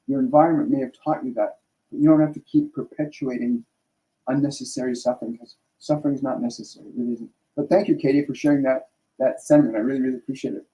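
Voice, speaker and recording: Earnest man with a very dark voice. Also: medium pitch, muffled recording. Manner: earnest, rambling, frequent restarts and "right?" tags. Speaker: spiritual channeler hosting a live stream. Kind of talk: casual spiritual talk.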